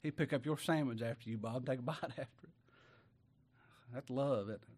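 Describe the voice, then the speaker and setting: A man's voice: medium pitch, fairly quick, a little mellow, slightly rough. A middle-aged man preaching a sermon in a folksy way, firing rhetorical questions at his congregation.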